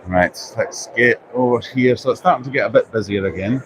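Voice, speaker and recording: A man's voice: mid-range voice, brisk. A man hosting a casual live walkaround at a busy indoor trade show, chatty and self-deprecating, thinking aloud as he goes. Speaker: livestream host. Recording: noisy exhibition hall ambience. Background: crowd chatter and hall noise.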